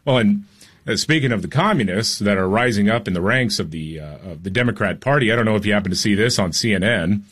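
A man co-hosting a political talk radio show, opinionated and animated, joking as he goes. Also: fairly low pitch, quick pace.

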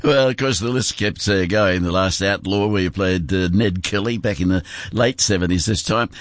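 A man's voice: low-pitched, moderate pace, no echo. An older Australian man hosting a radio interview, chatty with lots of "uh"s and laughs, on a studio mic. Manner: chatty, laughs often, many fillers. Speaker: radio host.

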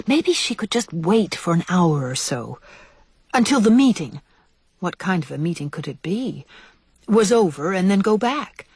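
A woman reads a storybook aloud in a fairly low, husky voice that rises and falls in lively swings. She sounds hushed in the tense parts, and the recording is close and dry. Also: dry recording. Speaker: narrator. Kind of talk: storybook reading.

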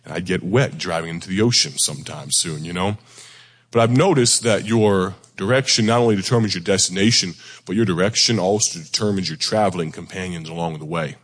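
Hoarse male preacher, very low and deep, folksy and self-deprecating, talking to a congregation. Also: brisk, big-room sound. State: hoarse, near losing his voice. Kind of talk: sermon. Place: church sanctuary before a congregation.

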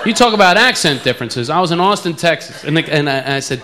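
A man's voice: fairly high pitch, lively intonation, fast, few pauses. A male stand-up comedian from the eastern United States with an East Coast accent, mocking himself by playing up the way he talks. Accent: East Coast American. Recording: live room with loud crowd and noise.

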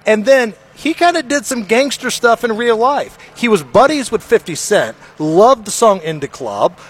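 A man hosting a morning radio show, telling stories in a chatty, animated way. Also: sits high, moderate pace, husky. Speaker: radio host. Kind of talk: casual morning radio banter.

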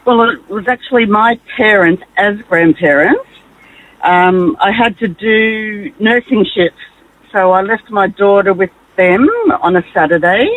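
A woman's voice: mid-range voice, unhurried, no echo. Woman caller on a tinny phone line. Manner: animated storyteller. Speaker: caller, former nurse. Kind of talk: telling a story.

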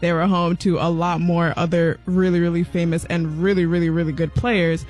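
A woman's voice: on the low side, level tone, normal speed, darkish tone, faint music behind. A woman on the radio show's team chatting casually and playfully, giggling as she talks. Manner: giggly, playful, fake British accent at times. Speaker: show team member.

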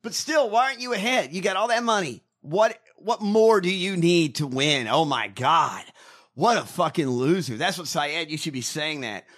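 A man's voice: fairly high pitch, animated, moderate pace, a bit bright. A man co-hosting a casual political chat, ranting and mocking with lots of swearing. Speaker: podcast co-host.

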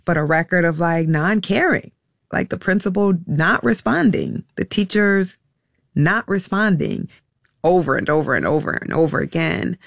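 A middle-aged woman telling a personal story in a halting, emotional way, with many restarts and fillers. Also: on the low side, very animated, creaky, no echo, clean studio sound. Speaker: interview guest.

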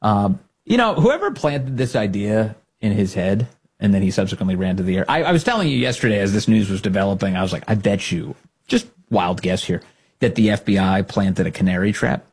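A man's voice: on the low side, fairly quick, a little mellow, slightly rough. A man hosting a political commentary show, talking in a sarcastic, mocking way.

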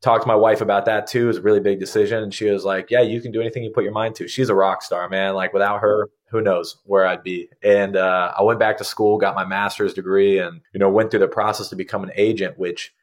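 A man in his thirties, a guest telling his story in a relaxed, conversational way and often saying "man". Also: low-pitched, brisk, hardly any pauses. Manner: laid-back, conversational, says "man" often. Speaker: interview guest. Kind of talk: casual storytelling interview.

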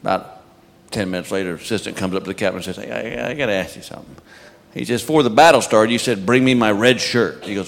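A man telling a joke in a deadpan storytelling manner. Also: lowish voice, fast, vocal fry, in a large hall.

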